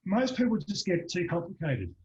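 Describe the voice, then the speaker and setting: A man, a practitioner telling a lively anecdote as a guest in an online interview, acting out the voices of the people in it. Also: high voice, moderate pace, a little hiss or hum. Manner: animated storyteller, acts out voices in anecdotes. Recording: dull lo-fi online call audio.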